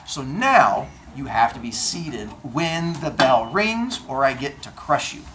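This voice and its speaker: A male teacher talking to his class in a classroom, telling stories with deadpan comic exaggeration. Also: mid-range voice, slow, slight background noise. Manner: animated storyteller, acts out exchanges in comic voices. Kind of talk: classroom talk to students.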